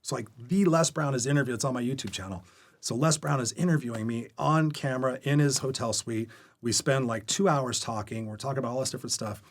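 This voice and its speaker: A guest coach on a podcast tells stories at a rapid clip in a mid-pitched voice, energetic and candid. During this interview chat, he acts out the other characters' quoted lines as he recounts them.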